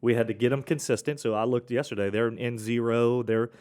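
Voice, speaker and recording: A man's voice: mid-range voice, steady tone, a little fast, darkish tone. A man hosting a casual accounting podcast, telling client stories with frequent restarts and a cough now and then. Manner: rambling, self-correcting, with frequent restarts.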